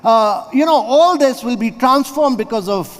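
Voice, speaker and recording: A man's voice: very high-pitched, lively intonation, normal speed, fairly bright tone. An older man from India, speaking as an honored guest in an on-stage conversation, building his points step by step with figures and lists. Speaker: award honoree, interview guest. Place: large conference hall. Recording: reverberant event hall.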